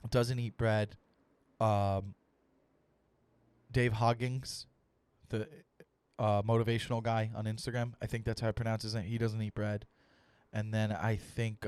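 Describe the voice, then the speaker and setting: A young adult man hosting a comedy podcast, ranting with animated, profane storytelling and acted-out dialogue. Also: medium pitch, smooth, no echo. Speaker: comedian host.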